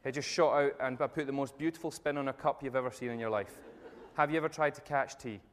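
A man giving a jokey, energetic talk to a live audience, telling stories and speaking directly to the crowd. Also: medium pitch, fast, a little hiss or hum. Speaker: motivational speaker. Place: event room with tables and audience. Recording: long reverb of a large hall.

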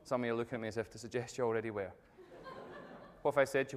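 A man's voice: medium pitch, rapid-fire. Man speaking in a reverberant hall. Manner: jokey, energetic storytelling, addresses the crowd directly. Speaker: motivational speaker. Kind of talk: live audience talk. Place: event room with tables and audience. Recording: long reverb of a large hall.

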